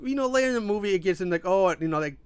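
A man's voice: sits high, animated, rapid-fire, clear, resonant tone, dry recording. A man chatting casually about a film on a podcast, rambling with lots of "like" and laughing often. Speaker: podcast co-host. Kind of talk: casual movie chat.

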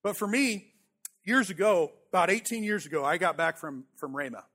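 A man's voice: high voice, animated, moderate pace, sharp tone. A man in his thirties preaching a sermon as a pastor, telling a personal story in a conversational, self-deprecating way and often repeating words as he goes.

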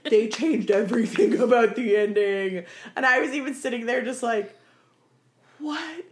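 A woman's voice: a little high, moderate pace, a little hiss or hum. A young woman co-hosting a casual chat, telling stories animatedly with lots of "like" and acted-out quotes. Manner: animated storyteller, many "like" fillers, acts out quotes.

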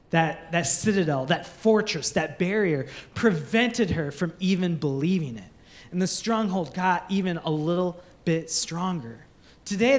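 A young adult man preaching a sermon as a pastor, earnest, building his points through repetition. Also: high-pitched.

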